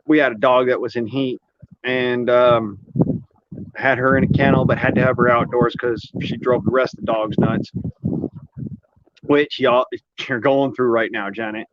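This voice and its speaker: Showing off an air gun, a man vlogs in a rambling, folksy chat with the odd swear word, his mid-range voice steady in tone and moderate in pace. The lo-fi audio is a little muffled, with background noise.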